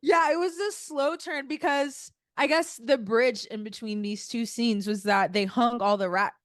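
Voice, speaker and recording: Young female co-host, higher pitch, dry close mic, blunt and exasperated chat. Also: a little slow, no room sound. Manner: blunt, exasperated, heavy "like" fillers. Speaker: podcast co-host. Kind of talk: casual chat recapping a TV show.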